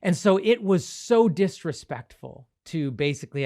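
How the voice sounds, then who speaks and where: A man pastor telling a story in a sermon, animated, with frequent light laughs. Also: fairly high pitch, normal speed, vocal fry, hardly any pauses. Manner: animated, laughs often, acts out quotes.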